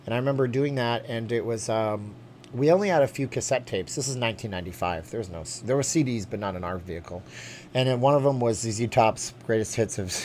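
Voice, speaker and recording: A man from Canada hosting a live stream, chatting and answering viewer questions in a rambling, animated way. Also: medium pitch, quick pace, slight background noise. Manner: chatty and animated, jumping between topics.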